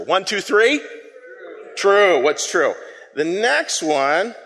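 A pastor with a slightly high, fairly bright voice preaches extremely slowly in a sing-song manner. He leads an interactive sermon, playfully teasing himself as the congregation repeats his words back, all ringing in the long reverb of a church sanctuary.

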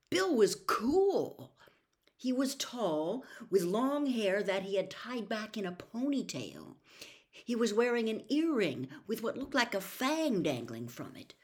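A woman narrating a children's fantasy book aloud with a dramatic, animated delivery. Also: medium pitch. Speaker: storybook reader. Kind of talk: expressive audiobook narration.

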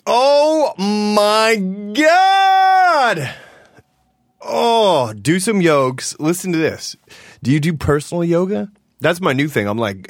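A man hosting a podcast in casual chat, animated and jumpy, cursing freely. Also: medium pitch, no room sound, clean studio sound. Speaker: podcast host.

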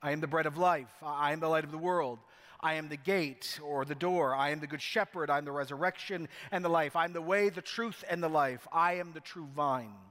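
A man's voice: fairly high pitch, fairly quick, fairly bright tone. A male pastor preaching a sermon, telling a self-mocking story with wry humor before turning to scripture, in a church. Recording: long hall reverb.

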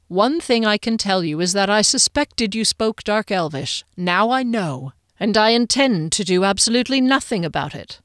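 A woman's voice: medium pitch, expressive, normal speed, hardly any pauses, a bit bright, no room sound, studio quality, close to an everyday voice. A woman voicing an earnest, secretive male noble leader in an audiobook reading, speaking with pleading sincerity.

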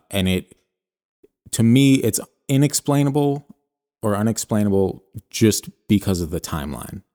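A man with a low-pitched, dark voice co-hosts a podcast, telling a personal story in a casual, rambling way. He hedges constantly and fills his speech with fillers.

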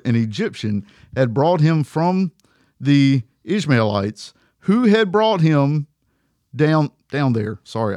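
A man's voice: mid-range voice, a little mellow, no echo, studio quality. A man co-hosting a church podcast, bantering with laughs and then reading scripture aloud. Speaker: podcast co-host and board operator. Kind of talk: casual chat and scripture reading.

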